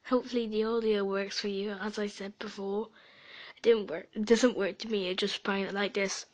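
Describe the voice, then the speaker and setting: A woman's voice: mid-range voice, fairly even intonation, normal speed. A young woman giving casual, giggly commentary while playing an online game, often dropping into whispered asides. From Sweden and Britain. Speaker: gaming video creator.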